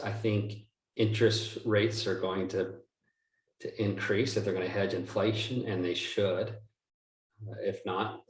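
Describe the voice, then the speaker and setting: A man, a real estate investor guest, answering interview questions in a rambling, self-correcting, joking way. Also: on the low side. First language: not from the United States. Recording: roomy, distant mic.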